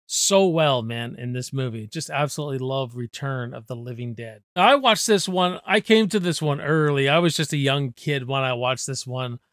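Enthusiastic, smooth-voiced man in his forties. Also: mid-range voice, normal speed, few pauses, fairly bright tone, no echo, studio quality. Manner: enthusiastic, casual, swears freely. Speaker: movie review host. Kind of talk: casual movie discussion.

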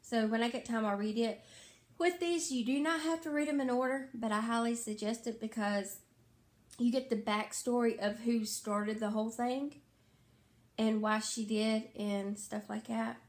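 Talking to her viewers about what she's been reading, this tired woman vlogger wanders through her thoughts, full of filler words and self-corrections. She has a slightly high voice that stays steady at normal speed.

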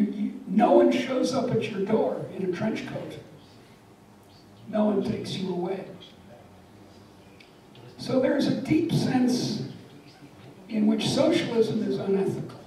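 A woman's voice: medium pitch, slow pace, long pauses, warm tone, a little hiss or hum. An older woman giving a public lecture, wry and emphatic, telling stories and jokes. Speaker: guest lecturer. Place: lecture hall. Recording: echoey lecture hall from far off.

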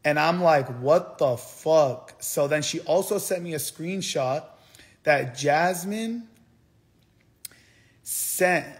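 A man's voice: on the high side, takes it slowly, long pauses. A young man telling a heated story on a livestream, swearing often and repeating himself as he rants. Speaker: streamer.

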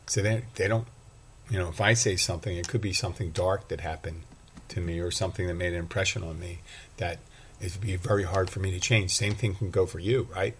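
Low-voiced rambling bartender host. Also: male voice, fairly even intonation, a little fast, slight background noise. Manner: rambling, self-deprecating. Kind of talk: casual solo monologue.

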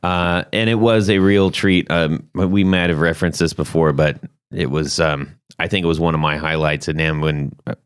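A man hosting a casual podcast chat, telling stories in an animated way and laughing often. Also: rumbling low, normal speed, smooth, no echo, clean studio sound. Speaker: podcast host.

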